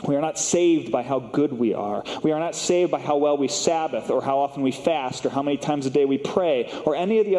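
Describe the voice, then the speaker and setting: A man's voice: medium pitch, a little mellow. A male pastor preaching a sermon, earnest, with emphatic repetition and rising questions. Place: church sanctuary. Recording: long reverb of a church hall.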